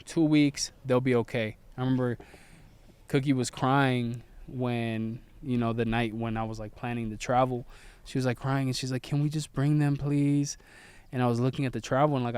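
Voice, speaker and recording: A man in his thirties, a father and vlogger, calmly explaining how he and his wife made a family decision, in an earnest, laid-back way. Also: mid-range voice, a little fast, clean tone, no echo. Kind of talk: casual storytelling.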